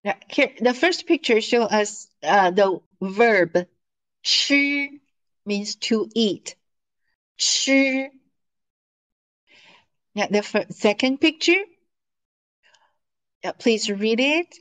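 A woman teaching a language class, repeating words slowly and patiently for her students. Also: a little high, lively intonation, fairly bright tone, low-quality recording.

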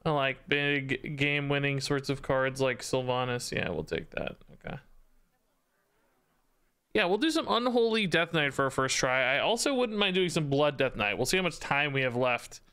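A man's voice: on the high side, bright, forceful tone, clean tone. A man streaming a card game, chatting casually, thanking subscribers and thinking aloud about his deck. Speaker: Twitch streamer. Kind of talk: casual live-stream commentary.

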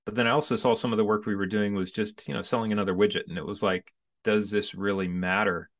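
A man in his forties with a lowish voice tells his story as a podcast guest. He speaks casually and with energy, and now and then acts out how he reacted back then. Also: very fast. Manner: animated storyteller who acts out his own past reactions. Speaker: podcast guest, business coach.

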